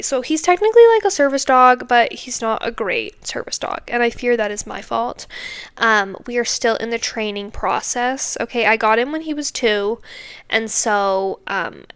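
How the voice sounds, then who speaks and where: A woman hosts her own podcast unscripted, rambling candidly and poking fun at herself, filling her talk with little verbal fillers. Her voice sits a touch high and comes across smooth and clean. The sound is dry and close, with no room around it. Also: moderate pace, dry recording. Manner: rambling, heavy with filler words; self-deprecating, candid. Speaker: podcast host. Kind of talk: unscripted casual rant.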